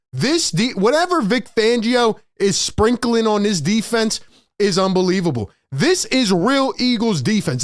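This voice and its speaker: A man hosting a postgame sports show, ranting excitedly, acting out players and breaking into shouted bursts. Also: sits high, no room sound, clean studio sound. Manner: animated, shouting bursts, acts out players' voices.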